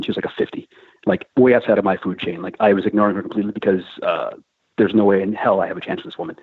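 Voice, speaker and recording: A man's voice: lowish voice, husky, no room sound. A middle-aged man casually telling a crude, profane story, acting out the other people in it. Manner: crude, profane, animated anecdote with quoted voices. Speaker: podcast host telling a war story. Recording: phone-like, narrow band, dry.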